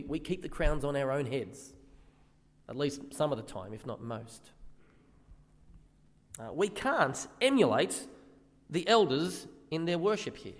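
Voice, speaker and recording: A man's voice: a little high, long reverb tail. A man preaching a sermon in earnest, often asking the listeners questions.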